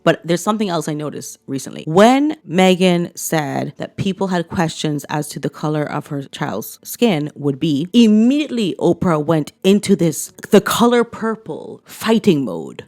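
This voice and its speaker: A woman's voice: sits low, sing-song, moderate pace, few pauses, a little mellow, faint music behind. A woman giving blunt, sarcastic opinion commentary in a casual chat style. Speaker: commentary vlogger.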